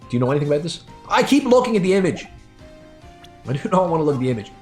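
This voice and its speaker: A man's voice: fairly high pitch, very animated, very fast, darkish tone, soft background music. Grumbling man commenting on a game. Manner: grumbling, profane. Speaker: game player. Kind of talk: playthrough commentary.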